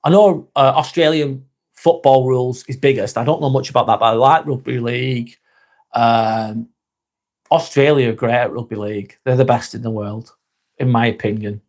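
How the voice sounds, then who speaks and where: A man's voice: mid-range voice, fairly even intonation, moderate pace, darkish tone. A man, hosting a casual live stream, chatting to viewers by name, laid-back and swearing freely. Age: 40s.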